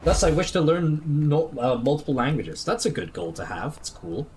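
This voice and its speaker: Male streamer, American accent with British slips; casual chatter and lively pitch. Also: normal speed, soft background music. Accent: American, slipping toward British. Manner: casual, reads chat and in-game documents aloud. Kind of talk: casual gameplay livestream chat.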